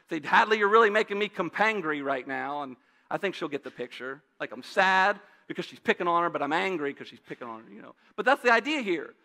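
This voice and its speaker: Man, 30s, pastor, conversational sermon, high pitched, bright tone. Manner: conversational, uses asides and rhetorical questions. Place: church sanctuary.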